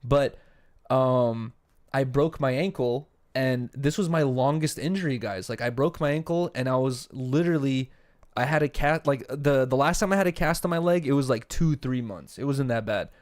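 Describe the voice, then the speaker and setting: A man's voice: medium pitch, moderate pace. A young man co-hosting a podcast, chatting casually with lots of fillers and swearing. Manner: rambling, filler-heavy, swearing. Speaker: podcast co-host. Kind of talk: casual chat.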